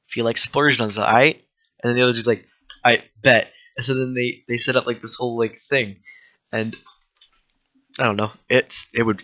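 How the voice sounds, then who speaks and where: A man with a bright, forceful voice rambles excitedly through loose stories and cusses freely while playing a trivia game. He sounds close and dry, through a slightly dull, lo-fi desk mic. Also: medium pitch, dry recording. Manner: rambling, excitable storyteller who swears freely. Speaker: gaming video creator.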